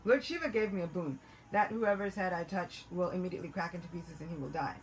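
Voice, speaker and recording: A woman voicing a boastful, hot-headed male demon in a devotional story, speaking loud and excited. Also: fairly low pitch, fast talker, close to an everyday voice, low-quality recording. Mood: eager. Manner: excited, indignant, raised voice.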